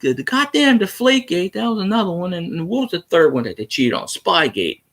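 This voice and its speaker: Guy ranting on a fan livestream, cussing, kinda high voice that jumps all over the place. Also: big pitch swings, a little fast, a bit bright. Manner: heated, profane, argumentative. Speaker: sports fan livestream host. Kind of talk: casual live chat reacting to viewer comments.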